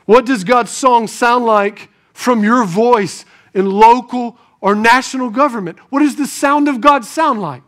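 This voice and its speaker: A man with a strikingly high voice preaches a sermon to his congregation. He swings from quiet, thoughtful asides to raised, emphatic lines, and keeps putting rhetorical questions to the room. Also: unhurried, few pauses. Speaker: pastor.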